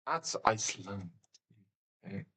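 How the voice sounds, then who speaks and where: A man's voice: low-pitched, animated, unhurried, bright, forceful tone, husky, poor audio. Rambling man streaming a guessing game. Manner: thinks aloud, rambling, exclaims at wrong guesses. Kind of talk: casual live commentary while playing.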